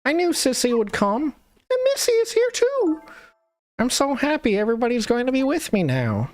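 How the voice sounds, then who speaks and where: A woman voicing a sweet little girl in a game read-along, with a childlike, high-pitched voice. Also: very animated, normal speed, faint music behind. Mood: happy.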